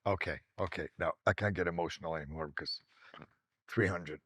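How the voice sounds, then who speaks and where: A man with a deep, low voice talks casually about the films he has made, skipping from one story to the next with lively enthusiasm. The sound is dry and close, with no room around it. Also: brisk, slightly rough, no room sound. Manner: animated, digressive storytelling. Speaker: actor. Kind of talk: casual reminiscing monologue.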